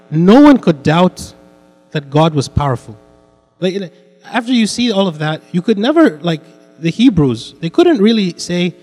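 A man's voice: a little high, darkish tone, long reverb tail. A man teaching an interactive Bible class, repeating his points and putting questions to the students. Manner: repetitive, asks the class questions.

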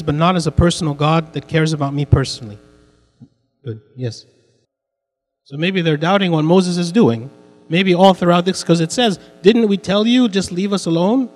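A man's voice: fairly high pitch, big-room sound. A man teaching an interactive Bible class, repeating his points and putting questions to the students. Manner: repetitive, asks the class questions.

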